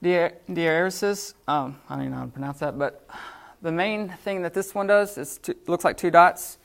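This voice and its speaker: Gravelly-voiced man teaching a class. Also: a little high, normal speed, fairly bright tone. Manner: casual, filler-heavy explaining with frequent restarts. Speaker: Greek teacher. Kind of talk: unscripted classroom lecture.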